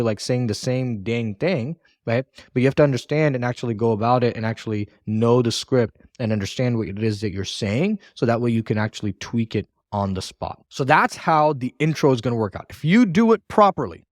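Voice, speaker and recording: A man's voice: mid-range voice, no echo, clean studio sound. A man teaching a recorded sales training lesson in a casual, repetitive coaching manner, acting out sample phone lines with shifting tone.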